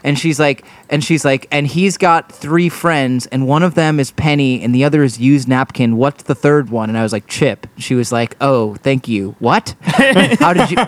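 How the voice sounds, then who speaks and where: A young man co-hosting a casual chat, telling stories with quick laughs. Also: a little high, no room sound. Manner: animated storyteller, quick laughs. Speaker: podcast co-host.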